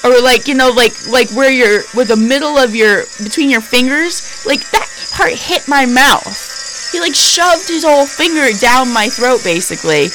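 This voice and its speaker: A woman podcast host in her thirties tells a story in a lowered, spooky voice. She is chatty, emphatic and full of fillers. Soft music plays faintly behind her. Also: animated, normal speed, low-quality recording. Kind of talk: casual storytelling.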